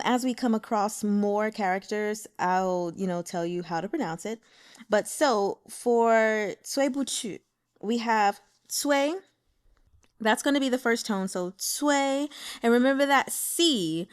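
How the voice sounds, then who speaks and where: A woman hosting a casual book discussion who breaks off to teach how to say Mandarin names, talking with lively enthusiasm. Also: mid-range voice, smooth. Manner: excitable, teaches Mandarin name pronunciation. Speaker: book club host.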